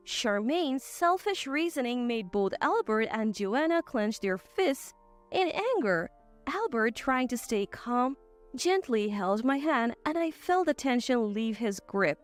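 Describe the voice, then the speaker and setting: A woman narrating a family drama story in the first person, in a steady storytelling manner. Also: a little high, measured pace, faint music behind.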